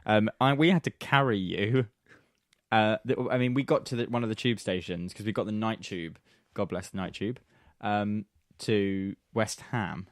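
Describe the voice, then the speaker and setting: A man's voice: lowish voice, dry recording, clean studio sound. A man co-hosting a podcast, recounting a long story in casual chat with some exasperation. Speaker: podcast co-host.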